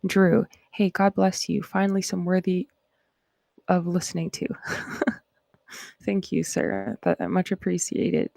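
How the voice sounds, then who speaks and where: A woman's voice: on the low side, level tone, measured pace, vocal fry, long pauses, dark tone, no room sound. A woman from Canada with a Canadian accent, hosting a casual livestream chat in a rambling, reflective way. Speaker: host.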